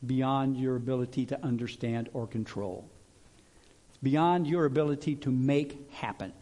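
A middle-aged male pastor preaching a sermon in a lively, conversational way, asking his congregation to repeat lines after him. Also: a little high.

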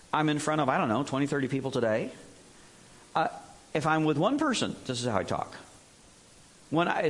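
Speaking with a fairly high pitch, a middle-aged man gives a sermon as pastor in an everyday, conversational manner. He jokes along the way and now and then breaks into overblown impressions of other people.

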